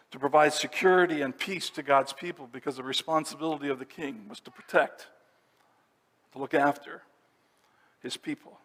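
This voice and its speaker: A man's voice: on the high side, a bit bright. Man preaching in a reverberant church. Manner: explanatory, teaching through scripture verse by verse. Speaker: pastor. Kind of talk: sermon. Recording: long reverb of a church hall.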